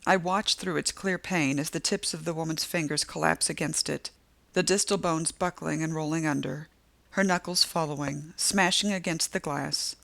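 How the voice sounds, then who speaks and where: A woman's voice: low-pitched, fairly even intonation, normal speed, vocal fry, fairly bright tone. A woman narrating a first-person novel as an audiobook, with tense, vivid storytelling.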